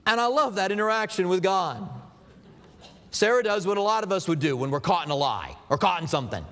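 A pastor preaching a sermon in a loose, conversational way, with asides and filler words. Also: male voice, high voice, animated, brisk, a bit bright, big-room sound.

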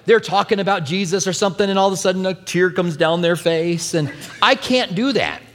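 A male pastor preaching a sermon, telling a personal story with lively, acted-out quotes. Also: high voice, brisk, big-room sound. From New Mexico.

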